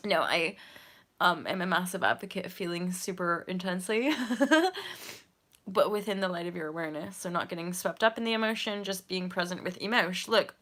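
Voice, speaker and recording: Bright, candid woman in her thirties. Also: lowish voice, brisk. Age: 30s. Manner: candid, swearing, laughing often, emotional. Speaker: yoga teacher and channel host. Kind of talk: casual livestream chat.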